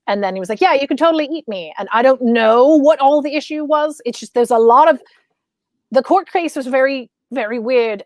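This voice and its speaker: A young woman with a slightly high voice rambles through a story, full of ums and restarts. She sounds close and dry, with no room around her. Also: no echo. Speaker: podcast co-host. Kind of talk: casual chat.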